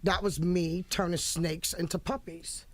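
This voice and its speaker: A woman's voice: lowish voice, unhurried. A middle-aged woman telling stories in a casual interview, blunt and profane, laughing often and acting out what people said. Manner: lively, laughing, blunt and profane, acts out quotes. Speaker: interview guest, music manager. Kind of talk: animated storytelling in a casual interview.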